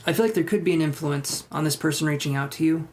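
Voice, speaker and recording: Soft-spoken man giving a live tarot reading. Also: fairly high pitch, quick pace, slight background noise. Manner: relaxed, thinking aloud, soft-spoken. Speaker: tarot reader. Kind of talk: live-stream tarot reading, reading chat aloud.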